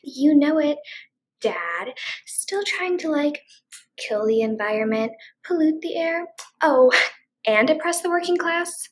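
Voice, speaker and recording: A woman's voice: high-pitched, animated, slow. A woman playing a flaky hippie daughter who talks in a ditzy drawl full of "like", in a school play over a video call. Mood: airy. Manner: ditzy valley-girl drawl, filler "like".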